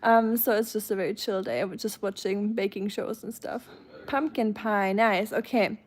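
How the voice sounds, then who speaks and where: A German woman with a German accent chats casually on a live stream, responding to comments from her chat. She speaks at normal speed in a mid-range voice.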